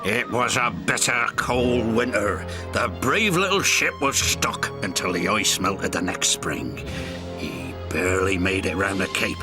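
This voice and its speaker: Slow, lively-pitched storybook narrator. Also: male voice. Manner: warm storyteller, voicing every character. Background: music.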